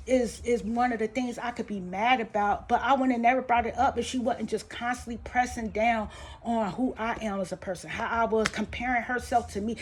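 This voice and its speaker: Woman vlogger with a slightly raised pitch, venting emotionally about family in a loose, colloquial, rambling delivery that swings between heated and quiet. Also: fairly even intonation, a little fast. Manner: rambling and heartfelt, with many restarts and fillers; voice rises and tightens when upset, falls soft and low when sad. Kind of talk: emotional personal storytelling to camera.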